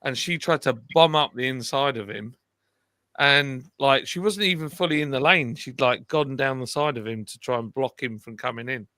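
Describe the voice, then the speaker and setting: A man's voice: mid-range voice, moderate pace, bright, forceful tone, dry recording. A man telling rambling anecdotes and correcting himself as he goes, in a casual livestream chat. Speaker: co-host.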